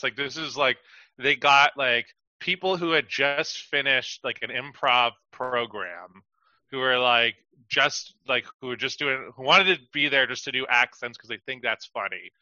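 Bright rambling man with dull sound. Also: mid-range voice, a little slow, no echo. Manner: rambling, heavy use of "like", acts out quotes. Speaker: podcast co-host. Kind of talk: casual podcast chat.

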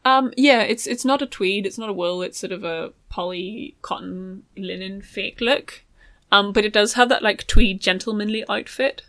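A young woman talks in a loose, rambling way, filling her sentences with ums and likes. Her voice is bright and clear. The sound is dry and close. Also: mid-range voice, normal speed, no room sound. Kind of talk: casual chat.

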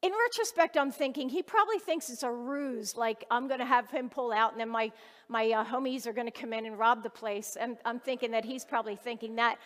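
Woman, high voice, earnest storytelling sermon, long hall reverb. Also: brisk, a bit bright. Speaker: lay preacher.

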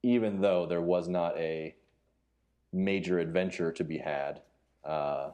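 Low, mellow-voiced man in casual chat. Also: steady tone. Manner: halting, many restarts and fillers. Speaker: podcast co-host.

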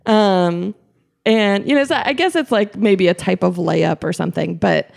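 A woman's voice: medium pitch, moderate pace, gravelly. A young woman co-hosting a podcast, chatting casually about a basketball game, with lots of fillers, restarts and giggles. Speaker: podcast co-host.

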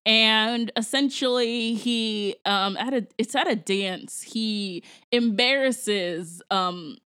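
A woman's voice: on the high side, slow, bright, forceful tone, clear, resonant tone. A woman from Jamaica co-hosting a casual movie review, chatting loosely with lots of "like" and laughter.

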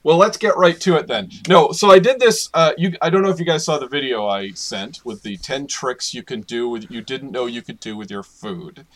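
A man's voice: medium pitch, moderate pace, few pauses, fairly bright tone. A man co-hosting a casual podcast chat, laughing often and talking animatedly. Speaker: podcast co-host.

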